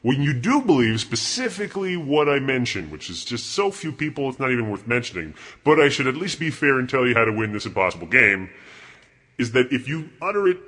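A man's voice: mid-range voice, sharp tone, breathy edge, full character voice. A man playing a foul-mouthed arrogant God. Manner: profane, rambling, mocking. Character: crude arrogant male God, bored and contemptuous. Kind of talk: comedy podcast bit.

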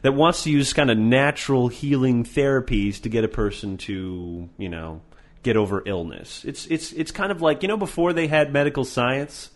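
This Canadian man hosts a podcast at a moderate pace, his voice medium in pitch. His casual banter is energetic, full of profanity and mockery.

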